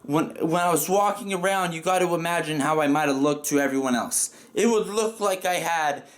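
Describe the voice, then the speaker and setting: Male storyteller, casual and profane, slightly higher pitched, rambling delivery. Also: a little fast. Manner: rambling and profane, with frequent "like" fillers.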